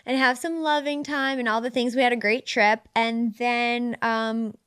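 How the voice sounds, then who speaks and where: A woman's voice: on the high side, steady tone, measured pace, fairly bright tone, clear, resonant tone, no room sound. A woman in her thirties hosting a podcast, telling a story in a frank, teasing way. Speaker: podcast host. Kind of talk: casual chat.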